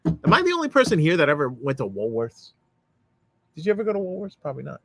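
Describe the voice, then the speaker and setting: A man hosting a casual live stream, reading viewer comments aloud and rambling with many halting fillers. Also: fairly high pitch, wildly swooping pitch, vocal fry, noisy background. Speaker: host.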